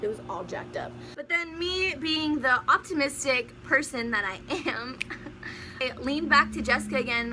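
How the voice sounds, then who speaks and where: A young woman telling a personal story in a storytime vlog, animated and often laughing. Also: high-pitched, normal speed, noisy background. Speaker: vlogger.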